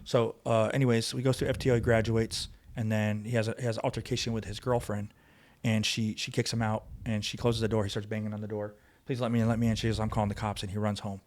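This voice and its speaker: Fast-talking man telling a hard story. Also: fairly low pitch, little pitch movement. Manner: fast, emphatic retelling, acting out quoted voices. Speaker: guest, former police officer. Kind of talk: conversational storytelling. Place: podcast studio.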